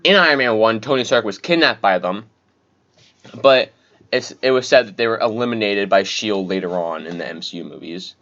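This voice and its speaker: Low-pitched male podcast co-host, casual chat, lo-fi dull sound. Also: lively intonation, brisk, fairly bright tone. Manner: reads movie details aloud, chatty. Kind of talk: casual chat, reading notes. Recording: dull lo-fi audio.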